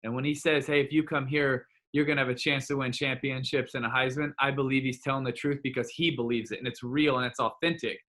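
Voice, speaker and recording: A man's voice: medium pitch, steady tone, fast, hardly any pauses, pushed and bright. A young man from Florida, a former player, recalling a decision in an interview, earnest and heartfelt. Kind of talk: reflective interview storytelling.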